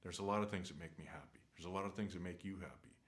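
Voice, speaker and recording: A man's voice: low voice, very fast. A man vlogging from a hotel room, rambling in an earnest, opinionated rant with lots of fillers and restarts. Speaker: travel vlogger. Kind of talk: casual unscripted rant.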